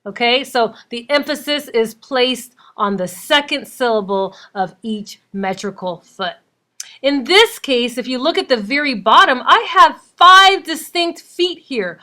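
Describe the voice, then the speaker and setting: A woman's voice: high-pitched, lively intonation, unhurried, sharp tone. A woman teacher giving a recorded lesson, explaining step by step and counting points out with emphasis. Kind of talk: recorded classroom lecture.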